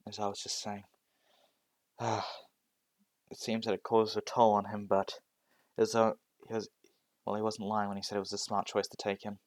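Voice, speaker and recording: Young man narrating hesitantly, slow. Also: fairly low pitch, clear, resonant tone, no room sound. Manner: hesitant, many restarts and fillers. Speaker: storyteller. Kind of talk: improvised fan-fiction narration.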